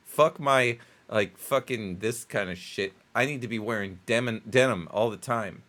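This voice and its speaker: A man's voice: fairly low pitch, normal speed, hardly any pauses, a bit bright. A man co-hosting a casual comedy talk show, rambling and swearing a lot while drinking. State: drinking, getting tipsy. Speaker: co-host.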